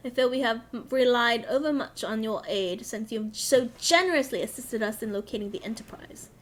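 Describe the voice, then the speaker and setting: A woman voicing an earnest young male scholar-diplomat in a game, with formal, measured, old-fashioned phrasing. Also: a little high, a bit bright, voice pushed down, close to an everyday voice. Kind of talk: reading game dialogue aloud.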